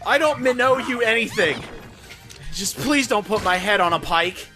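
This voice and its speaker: A man's voice: high voice, expressive, normal speed, music in the background, voice pushed up. A man putting on a small male creature doing corny stand-up fish puns. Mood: hammy.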